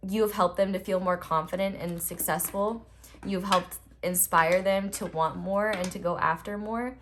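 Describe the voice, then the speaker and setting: A woman's voice: on the low side, background noise. A young woman giving a casual tarot reading, chatty and rambling with frequent filler words. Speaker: tarot reader.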